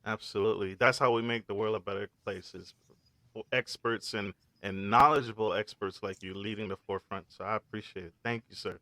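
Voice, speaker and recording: A man's voice: lowish voice, steady tone, fairly quick, bright, forceful tone, no room sound. A man hosting a podcast, effusive and formal, hyping up his guest. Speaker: podcast host. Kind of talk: enthusiastic hosting.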